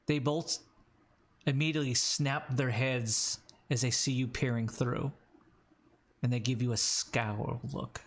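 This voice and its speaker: A man's voice: medium pitch, steady tone, a little slow. A man narrating a tabletop role-playing game as game master, describing scenes with small hesitations.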